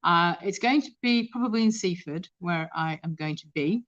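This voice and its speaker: A woman's voice: lowish voice, normal speed, a bit bright, muffled recording. A woman chatting casually and rambling on a live stream from her kitchen, reading out viewer comments as she goes. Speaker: thrift reseller hosting a live stream. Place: home kitchen.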